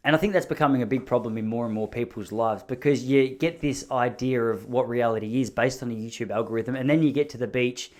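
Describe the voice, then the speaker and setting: A man's voice: mid-range voice, fast, few pauses, a little mellow. An Australian man hosting a podcast, telling stories in a casual, rambling, self-deprecating way. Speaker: podcast host. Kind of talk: casual storytelling monologue.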